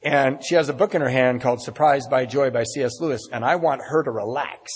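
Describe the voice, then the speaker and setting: Husky man telling a story in a reverberant hall. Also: mid-range voice, fairly quick. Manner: candid, self-deprecating, wry. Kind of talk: live personal storytelling. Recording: long reverb in a large hall.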